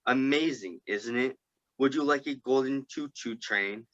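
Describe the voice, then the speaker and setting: A man's voice: mid-range voice, a little slow, a bit bright, highs cut off, close to an everyday voice. A man reading the lines of a manic, wealthy elf host who pushes treasure on his guests, in his own plain voice. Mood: pushy.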